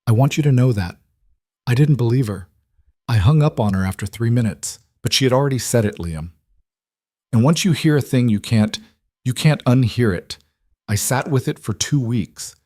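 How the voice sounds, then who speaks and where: A man voicing a grandmother in her sixties who speaks in a measured, controlled way while holding back tears. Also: mid-range voice, warm tone, no room sound, studio quality, natural voice. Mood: strained calm.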